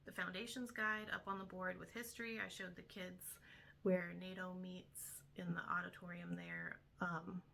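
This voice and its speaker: A woman's voice: fairly low pitch, level tone, moderate pace, vocal fry, sharp tone, slight background noise. A young woman, a homeschool tutor, casually explaining her week's lessons step by step with frequent ums. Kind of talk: casual instructional talk to camera.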